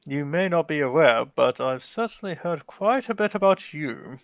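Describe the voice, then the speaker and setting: A man's voice: a little high, expressive, moderate pace, no room sound. A man voicing a smug male French baron with haughty mock-French courtesy in a tabletop role-play.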